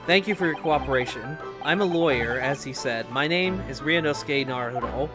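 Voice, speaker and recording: A man as a wry young lawyer. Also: natural voice. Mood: dry. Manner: measured, wry, low-key. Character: earnest young Japanese male lawyer, a bit unsure. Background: game music.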